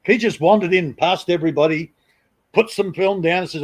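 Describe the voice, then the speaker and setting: Fairly quick and a little high, this man's voice carries a middle-aged Australian accent. He's on a live stream at home, telling rambling, casual stories peppered with plenty of swearing.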